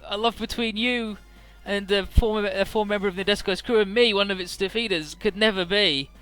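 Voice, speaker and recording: A man's voice: high-pitched, steady tone, fairly quick, bright, forceful tone, smooth, faint music behind, pitched above the performer's own voice. A man voicing a scheming young woman who speaks in a theatrical, melodramatic, pleading way.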